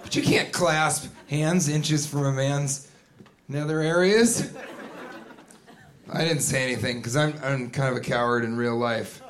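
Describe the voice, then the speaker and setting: A man doing a stand-up comedy set on a club stage, telling stories with sudden shouted voices. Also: mid-range voice, steady tone, a little slow. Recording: live club recording with crowd noise. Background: audience laughter.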